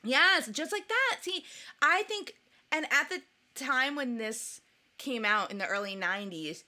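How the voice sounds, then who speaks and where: A woman co-hosting a podcast in casual chat, animated and joking as she rambles into her microphone. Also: sits high, a little slow. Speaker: podcast co-host.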